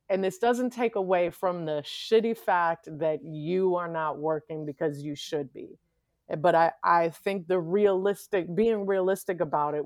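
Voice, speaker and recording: Earnest low-voiced woman host. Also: no echo. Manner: supportive, earnest. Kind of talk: podcast conversation.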